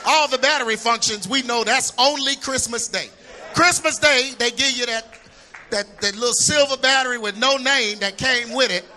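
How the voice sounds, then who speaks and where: A middle-aged man preaching a sermon, animated and humorous, shouting for emphasis as he tells stories. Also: very high voice, moderate pace, slight background noise.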